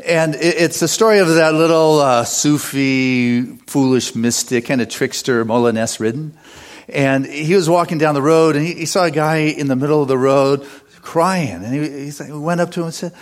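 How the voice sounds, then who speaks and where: Male pastor preaching, bit higher voice, animated storyteller, laughs a lot. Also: normal speed. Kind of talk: sermon.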